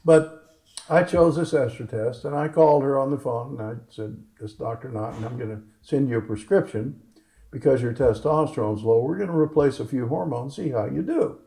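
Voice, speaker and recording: Gravelly male doctor spinning a story. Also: mid-range voice, moderate pace, dark tone, poor audio. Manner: acts out other people's lines in his stories. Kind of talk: storytelling at a live Q&A. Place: fitness gym, indoors.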